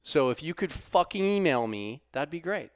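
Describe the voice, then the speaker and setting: A man's voice: fairly high pitch, big pitch swings, moderate pace, clean tone, no room sound. Profane podcast host man, dry mic. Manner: profane, swings from muttered asides to loud outbursts. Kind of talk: casual podcast chat.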